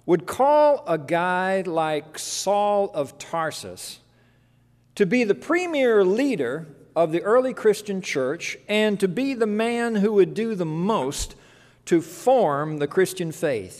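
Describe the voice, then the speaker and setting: A man preaching a sermon, telling a story with lively delivery and acting out voices. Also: on the high side, in a large hall. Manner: animated storytelling, acts out voices.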